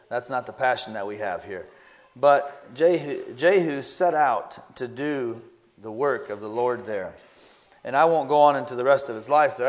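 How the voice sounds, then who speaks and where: Male preacher, sermon, earnest, stops and restarts often, reads old scripture aloud. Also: mid-range voice. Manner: earnest, halting delivery with frequent restarts and repeated words.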